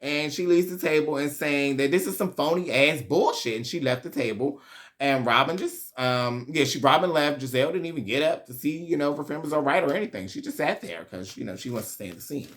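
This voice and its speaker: A man's voice: fairly high pitch, fairly quick, fairly bright tone. A man hosting a casual reality TV recap, chatty, slangy and profane, laughing often.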